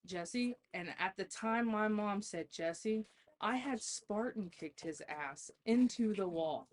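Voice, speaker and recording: A woman's voice: medium pitch, takes it slowly. A woman guest on a podcast, telling stories in a casual chat, laughing often and swearing freely.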